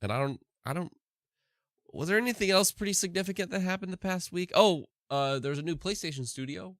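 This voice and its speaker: A man's voice: high voice, expressive, a little fast, fairly bright tone, no room sound, clean studio sound. A sleep-deprived man streaming live, chatting casually and rambling with many restarts. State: tired from no sleep.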